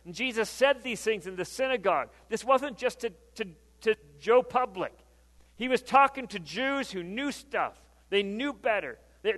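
A man's voice: high-pitched, fairly bright tone. A man preaching a sermon in a conversational, emphatic way, reading scripture aloud and repeating phrases for emphasis. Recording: long reverb of a hall.

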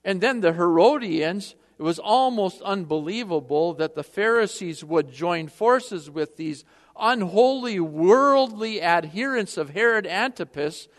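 A man preaching a sermon with passion, swinging between loud appeals and hushed prayer. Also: high voice, in a large hall.

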